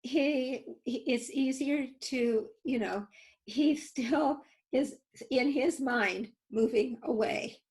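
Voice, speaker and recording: A woman with a somewhat high voice teaches a webinar over a video call. She tells stories and walks through techniques, often pausing, hedging with fillers and restarting her sentences. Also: darkish tone, rough recording. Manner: hesitant, many fillers and restarts. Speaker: webinar presenter and instructor. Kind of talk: instructional webinar talk with stories.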